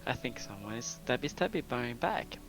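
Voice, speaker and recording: A man's voice: medium pitch, sing-song, a little fast, music in the background. A man playing in a tabletop game, talking in a playful way. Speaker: player.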